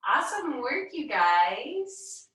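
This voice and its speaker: A woman leading a children's yoga class, talking slowly and gently and encouraging the kids with chants and animal sounds. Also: high-pitched, big pitch swings. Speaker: kids' yoga teacher. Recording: echoey room, mic far off.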